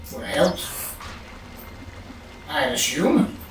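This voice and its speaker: A gamer talks their way through a dungeon at an unhurried, drawn-out pace, muttering thoughts aloud and humming between lines. The voice sits back from the mic in a very echoey room, with faint game ambience underneath. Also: medium pitch, sing-song, distant mic, slight background noise. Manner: musing, mutters to self, hums. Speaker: let's play gamer. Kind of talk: casual gameplay commentary.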